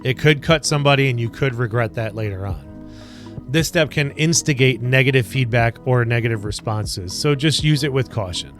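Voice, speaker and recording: A man's voice: medium pitch, fairly bright tone. Earnest man coaching with ums and you-knows. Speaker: wellness coach. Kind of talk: self-help talk to camera.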